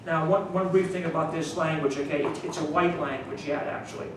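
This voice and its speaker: A man's voice: fairly high pitch, fairly even intonation, a little fast. A man with a New Orleans accent, an author chatting casually with a small audience, rambling and chuckling as he restarts his sentences. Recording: echoey room miked from a distance, noise.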